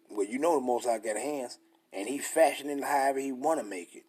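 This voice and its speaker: Husky blunt-talking male preacher. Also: mid-range voice, darkish tone. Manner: emphatic, blunt and profane, slows way down to read verses. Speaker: scripture teacher. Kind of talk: preaching and reading scripture aloud.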